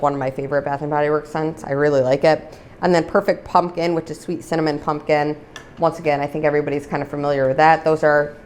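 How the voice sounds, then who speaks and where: Low-voiced woman chatting casually on her vlog, rambly, lots of "like", gets worked up. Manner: chatty, rambling, many "like" fillers; gets heated and exasperated over discontinued products. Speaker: vlogger reviewing used-up products. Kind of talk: casual chat.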